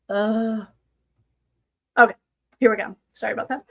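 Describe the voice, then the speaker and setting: A woman with a slightly high voice reads through official records aloud in a casual, thinking-aloud way. She keeps stopping to toss in sarcastic remarks of her own. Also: measured pace, pauses often, a bit bright. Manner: sarcastic asides, thinking aloud while reading. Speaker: true crime commentator. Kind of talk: casual commentary reading documents aloud.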